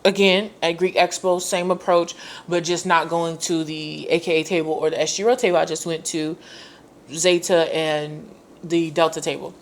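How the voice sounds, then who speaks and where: A young woman in her twenties tells a personal story as a podcast host, with a voice that sits low for a woman. She talks in a chatty, slangy way and leaps way up in pitch whenever she acts out what someone said. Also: normal speed. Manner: animated, acts out quoted dialogue with sharp pitch jumps.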